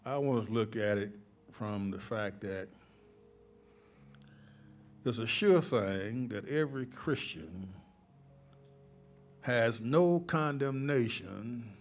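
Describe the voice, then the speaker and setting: A male pastor preaching a sermon, moving from calm teaching to loud, emphatic peaks. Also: medium pitch, slow pace, long pauses, soft background music.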